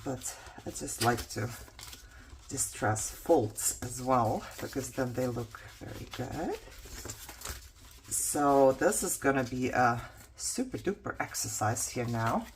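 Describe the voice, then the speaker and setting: A woman's voice: rumbling low, lively intonation, slow pace, a little hiss or hum. A woman vlogger chatting casually to herself and viewers as she works on a craft project, joking about how tired she is. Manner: chatty, self-mocking, talks to herself while working.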